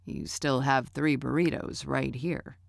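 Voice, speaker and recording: A man's voice: mid-range voice, steady tone, unhurried, vocal fry, dry recording, studio quality. A woman voicing a blunt, persistent man who is a nosy family friend in an audiobook. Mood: prying. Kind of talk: audiobook character voice.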